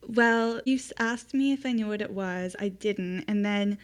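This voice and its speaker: A woman's voice: mid-range voice, moderate pace, smooth. Young female co-host, easygoing and chatty, laughs often. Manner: relaxed, laughing, filler-heavy. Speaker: podcast co-host. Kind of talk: casual chat.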